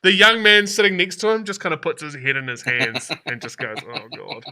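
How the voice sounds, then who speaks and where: A man's voice: high-pitched, animated, fairly quick, pushed and bright, a little hiss or hum. A man narrating a tabletop game as dungeon master.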